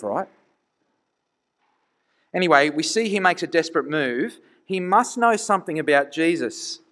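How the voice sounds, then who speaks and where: A man preaching a conversational sermon, earnest and full of rhetorical questions. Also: on the high side.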